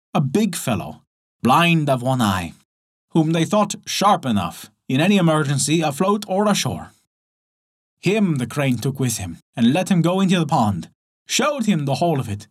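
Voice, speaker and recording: A man narrating a folktale as the show's storyteller, reading in an expressive storytelling manner. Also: mid-range voice, slightly rough.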